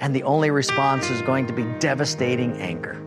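A middle-aged man preaching a sermon, telling a personal story and acting out an argument in a raised, animated voice. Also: mid-range voice, fairly quick, loud music behind the voice. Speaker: pastor.

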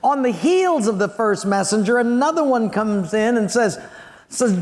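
A man's voice: sits high, unhurried, darkish tone. A man preaching a sermon, telling a story with animation and acting out the scenes. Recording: long hall reverb.

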